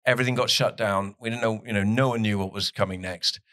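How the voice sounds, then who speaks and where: A man's voice: fairly low pitch, fairly even intonation, fast talker, bright, forceful tone, no room sound, studio quality. A man with a southwest English accent, a soccer commentator chatting on a podcast, rambling and laughing often. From southwest England. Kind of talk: casual podcast chat.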